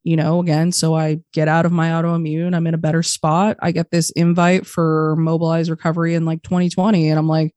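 A woman's voice: deep voice, level tone, brisk, hardly any pauses, darkish tone, no room sound, studio quality. Candid, swearing woman telling a story. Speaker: podcast guest. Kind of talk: casual interview chat.

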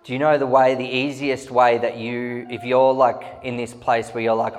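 A man's voice: medium pitch, fairly even intonation, moderate pace, hardly any pauses. A man preaching a sermon, telling stories earnestly with humorous asides. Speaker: pastor. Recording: long hall reverb.

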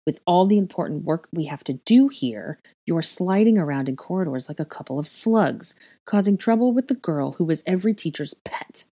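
A woman voicing a scornful, sharp-tongued teenage boy who snaps at his friends. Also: fairly low pitch, animated, normal speed, few pauses, slightly rough. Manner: snapping, scornful.

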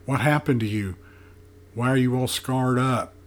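A man's voice: medium pitch, unhurried, voice pushed up, natural voice. A man voicing a nine-year-old girl in an audiobook, curious, direct and full of questions. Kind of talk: audiobook character voice.

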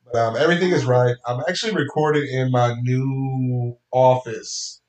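A man hosting a casual solo podcast from his home office, rambling and cursing with sudden animated outbursts. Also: medium pitch, normal speed. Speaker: podcast host. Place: home office, spare room. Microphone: home podcast mic, computer recording. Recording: echoey room.

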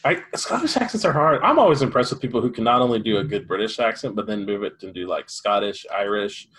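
A man in casual chat, animated and chatty, jumping in with questions. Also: on the low side, fast talker, breathy edge.

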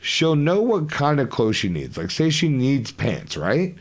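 Laid-back swearing man, lively pitch. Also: measured pace. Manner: laid-back, swears a lot, laughs often. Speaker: podcast co-host. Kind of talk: casual chat.

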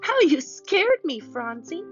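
A woman voicing an eager, bustling older girl who is the big sister, talking brightly and exclaiming often. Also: sits high, big pitch swings, unhurried, muffled recording, soft background music, voice pushed up, heavily acted. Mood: excited.

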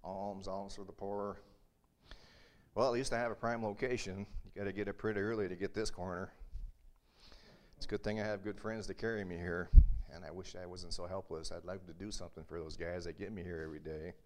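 A preacher voicing a lame male beggar with a casual, slangy California drawl, wry at first and then shouting with joy. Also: low voice, steady tone, brisk, lightly acted. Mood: wry, wistful. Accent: Californian surfer put-on.

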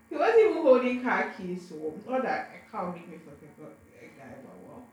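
A woman's voice: on the low side, big pitch swings, a little fast, hardly any pauses. A young adult woman telling a personal story to camera in a casual, frank way, often tripping over and repeating her words. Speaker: vlogger. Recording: very echoey room, faint background noise.

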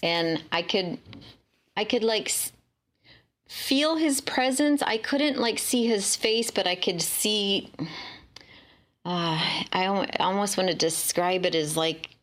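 A woman recounting a dream in casual spoken testimony, halting and full of fillers and restarts. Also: medium pitch.

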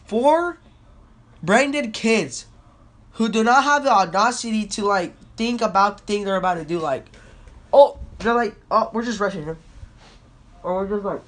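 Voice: medium pitch, normal speed. Young rambling podcast ranter on a phone. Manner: excitable, profane, storytelling with quotes. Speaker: podcast host. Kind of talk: rambling casual rant. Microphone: phone without a mic.

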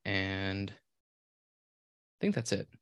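A man's voice: low voice, lively intonation, extremely slow, a bit bright, clean tone, dry recording, clean studio sound. A man co-hosting a podcast, rambling through a story in casual, profane and self-deprecating chat. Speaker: podcast co-host.

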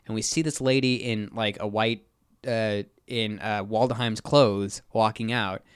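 A man's voice: lowish voice, fairly even intonation, unhurried, smooth, dry recording, studio quality. A man hosting a podcast, casually recapping a movie plot with lots of filler words. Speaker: podcast host. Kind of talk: casual film recap chat.

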